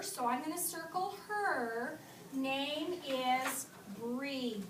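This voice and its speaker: Woman teacher, high voice, sing-song and animated with little kids, slow modeled reading; echoey classroom caught from a distant camera with background noise. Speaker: kindergarten teacher. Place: classroom, indoors.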